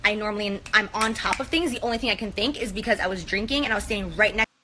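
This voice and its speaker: A woman's voice: medium pitch, fast, pushed and bright, slight background noise. A woman in an apology clip, rambling and flustered, repeating herself as she talks outdoors. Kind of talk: emotional apology video.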